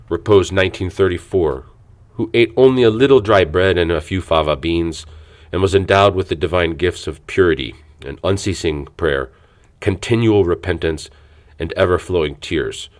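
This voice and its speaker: A man narrates an audiobook in a measured, reverent reading. His voice sits very low and deep, and he keeps a steady, unhurried delivery throughout.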